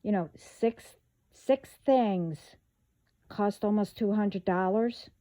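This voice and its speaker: A woman vlogging in a casual monologue, talking haltingly with many fillers and trailing thoughts. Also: medium pitch, mellow.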